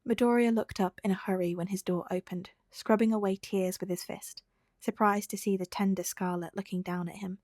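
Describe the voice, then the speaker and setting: A woman's voice: mid-range voice, fairly even intonation, brisk, a little mellow, no room sound. Woman reading a story aloud, dry and close. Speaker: podfic reader. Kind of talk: fan fiction audiobook narration.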